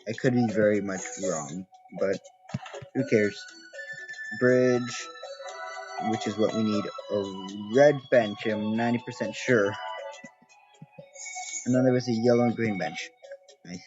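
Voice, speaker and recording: A young man chatting through a game walkthrough, thinking aloud and correcting himself as he plays. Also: medium pitch. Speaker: gaming video creator. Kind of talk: casual game walkthrough commentary. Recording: dull lo-fi audio with game music. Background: game music.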